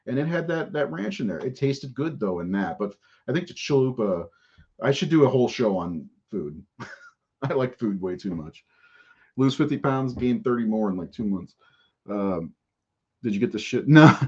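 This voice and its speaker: A man's voice: on the low side, darkish tone, husky. A man hosting a podcast in casual live-stream chat, rambling and profane and laughing often. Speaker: podcast host. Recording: dull lo-fi audio.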